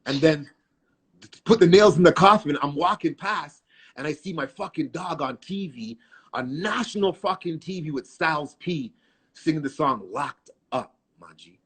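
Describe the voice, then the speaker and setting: A man telling his life story as an interview guest, in animated, profane street slang. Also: fairly high pitch, normal speed, breathy edge. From Canada. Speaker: guest artist.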